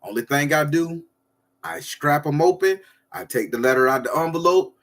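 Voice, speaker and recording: A man's voice: a little high, normal speed, a bit bright. A man from Florida, hosting a casual livestream and rambling loosely to his viewers. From southern Florida. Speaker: livestream host.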